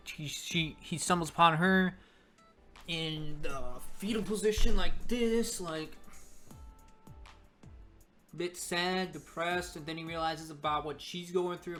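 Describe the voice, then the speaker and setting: A man's voice: a little high, pushed and bright. A young man giving casual, rambling commentary while reviewing a webcomic, full of joking asides.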